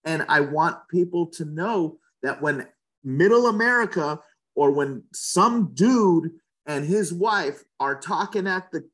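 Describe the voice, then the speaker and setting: A man's voice: a little high, animated, slow pace, a bit bright. A man working as a real estate agent, talking passionately and with strong opinions in a casual interview, often repeating words as he goes.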